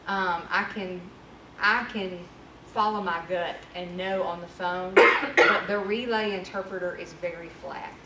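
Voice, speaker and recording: A woman's voice: fairly low pitch, fairly even intonation, measured pace. A woman trainer giving a casual workshop presentation, candid and conversational. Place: training room. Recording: echoey room from far off with noise.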